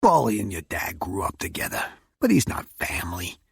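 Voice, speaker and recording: Man voicing a gruff older mob uncle. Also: on the low side, huge pitch swings, normal speed, no echo, studio quality, full character voice. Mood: firm.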